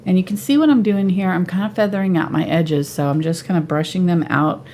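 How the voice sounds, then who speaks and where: A woman giving a live painting tutorial at home, relaxed and thinking aloud as she paints. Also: lowish voice, fairly quick, a little hiss or hum. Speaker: painting instructor.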